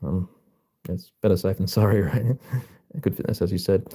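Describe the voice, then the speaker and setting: A man chatting casually with viewers on a live stream, relaxed and full of filler ums. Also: deep voice, moderate pace, long pauses, slightly rough. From Australia.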